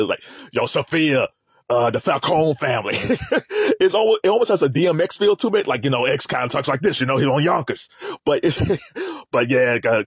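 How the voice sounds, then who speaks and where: A man's voice: mid-range voice, breathy edge, no room sound, clean studio sound. A man hosting a video, talking casually and laughing often as he chats to the camera. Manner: animated, laughs often, loose and chatty. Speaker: video host.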